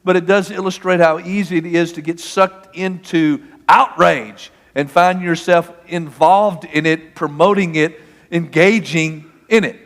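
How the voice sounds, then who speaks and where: A man preaching a sermon, telling a personal story with animation and acting out the shouting. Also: fairly high pitch, unhurried. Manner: storytelling, animated, acts out the argument. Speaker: pastor. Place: church sanctuary. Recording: long hall reverb.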